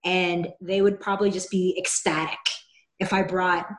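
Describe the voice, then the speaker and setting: A woman's voice: lowish voice, little pitch movement, moderate pace. A woman from Seattle telling a personal story in a candid, chatty way, with a wry, self-deprecating humor. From Seattle, USA. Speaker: guest sharing a personal story. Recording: roomy echo.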